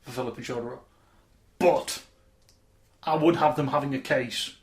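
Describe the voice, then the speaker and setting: A man's voice: mid-range voice, normal speed, reverberant. A man co-hosting a podcast in casual, playful and teasing chat. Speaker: podcast co-host.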